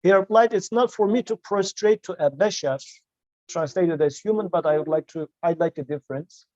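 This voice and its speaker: A man teaching a study session, quoting verses and translating them in a measured way. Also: sits high, a little mellow, no echo, lo-fi sound. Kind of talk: explaining scripture to a student.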